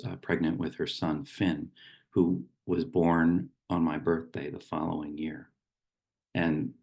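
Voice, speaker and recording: A middle-aged man giving a gentle, unhurried reflective talk as a meditation teacher, with small restarts. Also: sits low.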